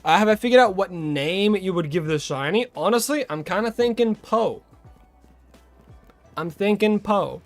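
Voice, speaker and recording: A man with an Australian accent chats loosely through a live game stream, greeting viewers and catching his own slips as he goes. His voice sits somewhat high. Faint game music plays quietly under him. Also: normal speed. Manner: chatty, greets viewers, rambles and corrects himself. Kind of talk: casual live-stream chat while playing.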